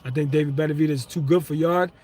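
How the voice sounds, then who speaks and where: A young man from Brooklyn, hosting a casual live stream, chatting with viewers, slangy and quick to laugh. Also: a little high. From Brooklyn, New York. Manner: excitable, laughs often, slangy, talks to chat. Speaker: livestream host. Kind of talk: casual live stream chat, reading comments.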